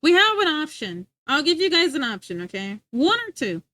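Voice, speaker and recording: A woman's voice: sits high, big pitch swings, moderate pace, sharp tone, dry recording. A woman livestreamer chatting casually with her viewers, giggly and full of filler words.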